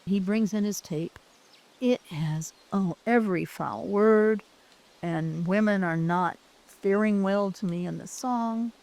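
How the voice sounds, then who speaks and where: A woman's voice: mid-range voice, takes it slowly, darkish tone. A woman who used to teach, telling a personal story in an earnest, heartfelt way, often restarting her sentences. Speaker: former teacher.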